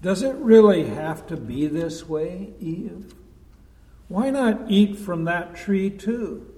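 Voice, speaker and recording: A man's voice: high-pitched, animated, slow, mellow. A man voicing the devil as a crafty, coaxing tempter within a sermon, pressing his questions insistently. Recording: long echo of a large hall.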